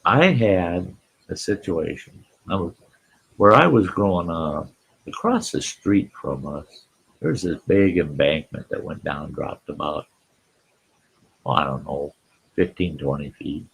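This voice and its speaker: A man's voice: low voice, animated, a little slow, vocal fry, a bit bright, breathy edge, rough recording. A man hosting a live stream, telling a rambling folksy story and greeting people in the chat.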